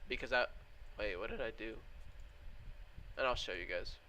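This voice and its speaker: A man's voice: fairly low pitch, moderate pace, pushed and bright, slight background noise. A man casually walking viewers through his trades on a live stream and answering chat. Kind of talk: live trading stream commentary.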